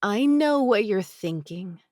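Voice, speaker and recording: Woman narrator doing a young woman, younger sister, prickly but remorseful, voice pitched up and emotional. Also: measured pace, darkish tone, no echo, studio quality, natural voice. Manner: higher, emotional, shifting from guarded to teary.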